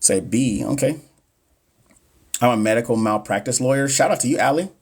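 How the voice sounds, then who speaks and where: A man in his thirties hosts a casual live stream and reads nursing exam questions out loud. He chats and jokes with his viewers and trips over hard medical words. His pitch sits in an ordinary middle range. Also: moderate pace, husky. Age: 30s. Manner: joking, chatty, talks straight to viewers, stumbles on medical terms.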